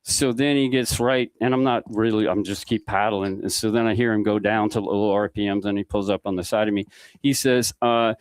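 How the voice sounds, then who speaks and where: A man's voice: lowish voice, steady tone, fairly quick, clear, resonant tone, no echo. A man guest on a podcast, telling a rambling anecdote and acting out the dialogue as he goes. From Mississippi Gulf Coast. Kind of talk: casual storytelling.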